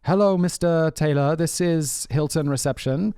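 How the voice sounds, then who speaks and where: A man's voice: a little high, normal speed, dark tone, clean tone, dry recording, clean studio sound, voice pushed up, lightly acted. A man faking a stilted foreign hotel receptionist. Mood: prank-calling. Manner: stilted, broken phrasing in a generic foreign accent. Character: fake male hotel receptionist, polite, vaguely foreign.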